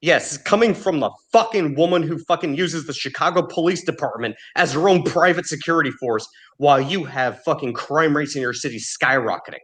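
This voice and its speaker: A man tears into his target with a relentless, profane tirade. His voice sits a touch higher than most men's, and he spits insults at full anger in a loose podcast rant. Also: slightly rough. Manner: furious, heavily profane, shouting insults. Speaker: podcast host.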